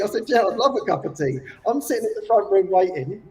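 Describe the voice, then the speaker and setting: A man telling a personal story in casual chat, animated and laughing often as he acts out quotes. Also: high voice, fast. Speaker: guest. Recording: distant from the mic.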